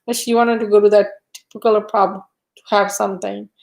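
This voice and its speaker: A woman's voice: medium pitch, little pitch movement, a little fast, gravelly. A middle-aged woman hosting a casual live stream, chatting with viewers and telling stories with frequent laughter. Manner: chatty storyteller, laughs often.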